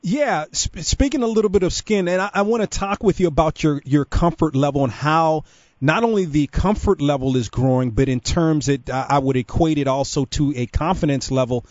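A man's voice: on the high side, brisk, darkish tone, no echo, highs cut off. A male sports radio host interviewing a guest, his questions rambling and restarting.

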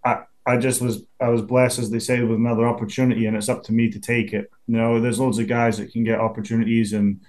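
A man in his twenties with a Scottish accent, a pro football punter chatting in an interview, relaxed and quick to laugh. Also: medium pitch. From Scotland. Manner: laid-back, chatty, laughs easily, many restarts. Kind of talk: casual interview.

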